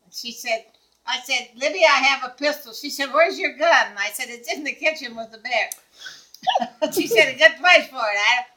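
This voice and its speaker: Bright-voiced older woman telling a story. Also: high-pitched, normal speed, rough recording. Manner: animated, laughs often while telling; acts out quoted dialogue. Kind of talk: casual anecdote.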